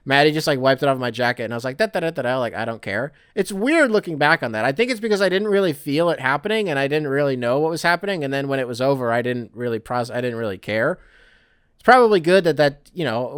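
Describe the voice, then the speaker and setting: A young man rambles through a casual solo podcast, swearing and poking fun at himself. His smooth voice is a little high and somewhat bright, recorded dry with clean studio sound.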